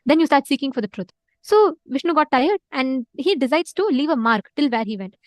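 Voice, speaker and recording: A woman teaching an online class who tells a sacred story with lively energy. She uses many filler words and repeats words for emphasis. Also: high voice, brisk, no echo. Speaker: spiritual teacher.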